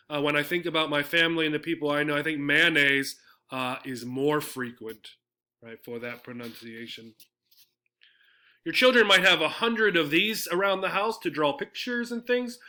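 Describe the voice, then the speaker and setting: Bright-voiced man teaching English words. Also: a little high. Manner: explanatory, frequent tag "right?" checks. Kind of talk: slide-based vocabulary lesson.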